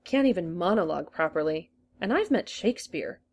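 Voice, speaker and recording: A woman reading aloud voices a gloomy, sulking male Time Lord in a storybook reading. He mumbles his lines in a lowish voice that stays close to the reader's own. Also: animated, fairly quick, darkish tone. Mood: sulky. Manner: mumbling and sulky.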